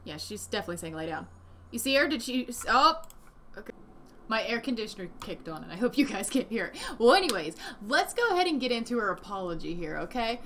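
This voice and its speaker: A woman giving casual reaction commentary from home, indignant and animated, swearing often. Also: a little high, fast talker, a little hiss or hum. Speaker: commentary vlogger. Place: home room with desk and a dog nearby.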